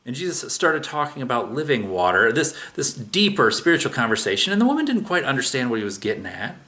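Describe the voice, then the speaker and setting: A man's voice: medium pitch, big pitch swings, quick pace, sharp tone. A man preaching a sermon, retelling a scripture story in a casual, conversational way with everyday asides. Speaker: pastor.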